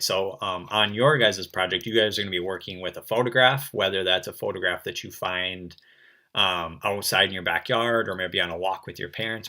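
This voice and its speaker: A young man teaching an online art lesson to children, chatty and relaxed, with lots of fillers. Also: low voice. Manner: relaxed and chatty, full of um and kinda.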